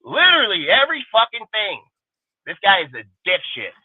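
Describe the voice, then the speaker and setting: A man's voice: high voice, wildly swooping pitch, normal speed, breathy edge, no echo. A male sports talk host on a panel show, ranting with aggressive, boastful and profane insults. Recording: dry tinny phone-like sound.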